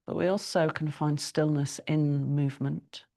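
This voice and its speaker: A middle-aged woman teaching a yoga class, giving slow, calm breathing cues with long pauses. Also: low-pitched, gravelly. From United Kingdom. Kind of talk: guided yoga class instruction.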